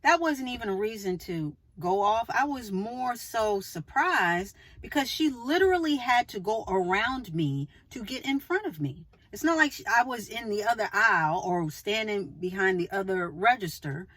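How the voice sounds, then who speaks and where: A woman vlogger telling a personal story to her viewers in a chatty, animated way, with asides to the viewer. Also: mid-range voice, normal speed, few pauses, no echo, low-quality recording. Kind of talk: casual storytelling to camera.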